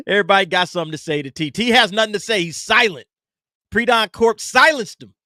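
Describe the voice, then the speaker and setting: A man hosting a casual livestream podcast, reading super chats with quick asides. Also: high voice, sharp tone, no room sound, studio quality. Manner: laid-back, reads super chats aloud with quick asides. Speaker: podcast host.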